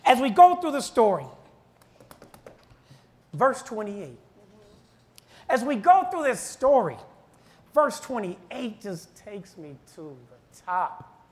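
Fervent high-voiced preaching man. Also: big pitch swings, takes it slowly, pauses often. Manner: fervent preaching with shouted repeated refrains. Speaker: minister. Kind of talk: sermon.

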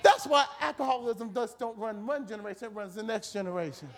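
A man preaching a fervent sermon in a church, shouting and repeating phrases. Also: sits high, brisk, a crowd in the background.

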